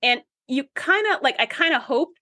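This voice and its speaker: A woman's voice: high voice, animated, moderate pace, sharp tone, dry recording. A woman co-hosting a podcast in casual chat, earnest and emphatic. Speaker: podcast co-host.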